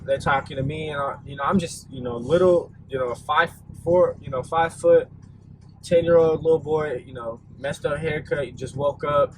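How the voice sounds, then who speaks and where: Young male vlogger, relaxed storyteller, loose and rambling, some background noise. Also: on the high side, normal speed, rough recording. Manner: laid-back, rambling with many fillers. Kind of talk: casual storytime vlog.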